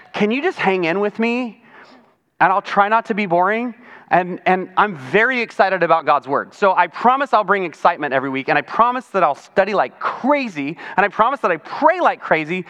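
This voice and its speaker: A man's voice: high-pitched, sharp tone. A man preaching a chatty, conversational sermon as pastor, often acting out other people's voices. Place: church sanctuary.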